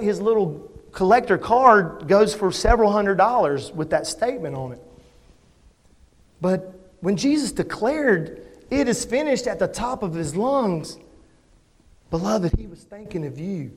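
Pastor, male, higher voice, emphatic sermon delivery, church with long reverb. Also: breathy edge. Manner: earnest, emphatic, asks the congregation questions.

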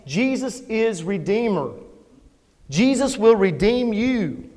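Pastor, male, higher voice, emphatic sermon delivery, church with long reverb. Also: animated, slow, a little mellow. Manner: earnest, emphatic, asks the congregation questions.

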